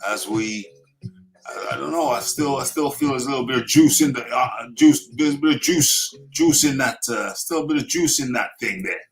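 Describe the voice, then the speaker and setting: A man's voice: medium pitch, normal speed, low-quality recording. A man hosting a live talk show, speaking emphatically and repeating himself as he reads the chat. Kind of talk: casual live-stream talk.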